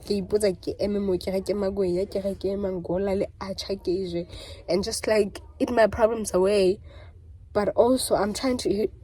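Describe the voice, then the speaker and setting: A woman's voice: medium pitch, steady tone, brisk, warm tone, husky, rough recording. A young South African woman vlogging candidly and emotionally, switching languages mid-sentence and repeating herself. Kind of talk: candid confessional vlog.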